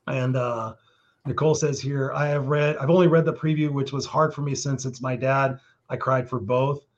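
A man hosting a live interview, reacting warmly and reading viewer comments aloud, choked up at times. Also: medium pitch, fairly even intonation, normal speed, lo-fi sound. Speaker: host of live stream.

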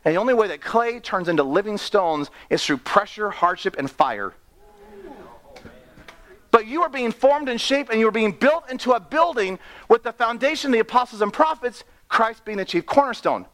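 Man, preacher, high voice, very lively pitch, laughing, acting out stories. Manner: excitable, laughs often, acts out characters. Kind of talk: animated sermon storytelling.

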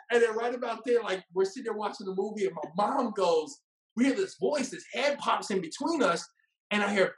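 A man telling a casual story about his first date, animated and laughing, acting out what people said. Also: high voice, reverberant. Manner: animated, laughing, acts out quotes.

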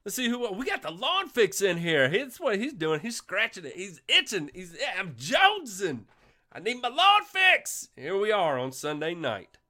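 A man hosting a casual livestream show, congested from a sinus infection, giving energetic shout-outs to viewers. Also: high-pitched, moderate pace, few pauses. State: coughing.

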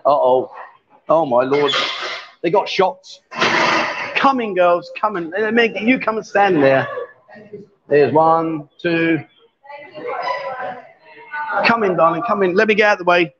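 A man with a notably high voice hosts a casual live stream, joking and bantering as he goes. He is picked up on a camera mic in a busy bar, and the sound is a little muffled. A lively crowd chatters loudly behind him. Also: measured pace, long pauses. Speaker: livestream host. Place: busy bar with a pool table.

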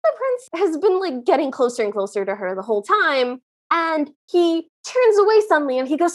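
A high-pitched woman with a very lively, swooping voice recaps a film for her podcast co-host. She narrates scene by scene in relaxed chat and slips into the characters' lines as she goes. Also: brisk, hardly any pauses. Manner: animated storytelling, acts out the characters' lines. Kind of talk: casual movie recap chat.

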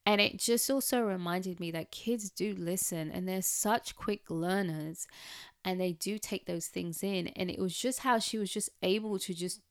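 A woman's voice: fairly low pitch, a little slow, clear, resonant tone. A woman reflecting on raising her nieces in candid personal chat, with plenty of "like" and "um". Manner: candid, chatty, with frequent "like" and "um".

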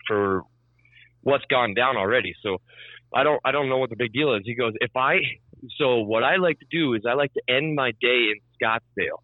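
A man in casual chat tells a long story, swearing freely and acting out both sides of the conversation. His voice sits at a middling pitch. The sound is dry and a little dull, like a lo-fi podcast recording. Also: brisk, no room sound.

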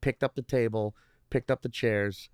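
A man's voice: medium pitch, fairly even intonation, normal speed, smooth, no room sound, clean studio sound. A man, a stand-up comedian, chatting casually as a guest; he rambles, swears often and restarts his sentences. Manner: rambling, profane, many restarts. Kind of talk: casual podcast chat.

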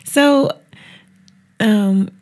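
A young woman, a stand-up comedian, chatting casually and reacting with lively laughter. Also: medium pitch. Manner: animated, reactive, quick to laugh. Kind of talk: casual chat.

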